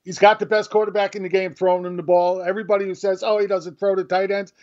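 A sports radio co-host with a high voice, insistent and emphatic. His mic sounds dull and muffled. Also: level tone, quick pace, a little mellow. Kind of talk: casual sports radio banter.

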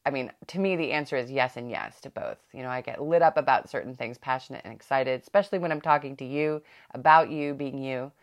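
A woman's voice: extremely low pitch, fast, hardly any pauses. A middle-aged woman hosting a parenting podcast, talking in a chatty, reflective way with frequent laughs and restarts. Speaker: podcast host.

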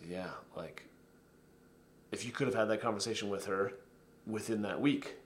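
A man's voice: fairly low pitch, moderate pace, a little hiss or hum. A man hosting a casual podcast interview, affirming his guest with many mm-hmms and chuckles. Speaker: podcast host.

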